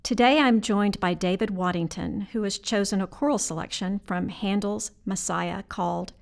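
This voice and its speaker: A woman hosting a podcast, reading a clear, formal introduction of her guest. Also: medium pitch, normal speed, few pauses. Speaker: podcast host. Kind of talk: scripted introduction.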